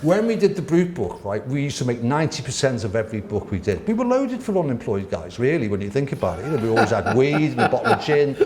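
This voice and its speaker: A man, a guest telling lively, laughing stories with the odd swear word in a casual interview. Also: mid-range voice, quick pace, few pauses. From Wirral, England. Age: 60s. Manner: animated, laughing, swearing raconteur. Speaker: guest artist. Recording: roomy echo.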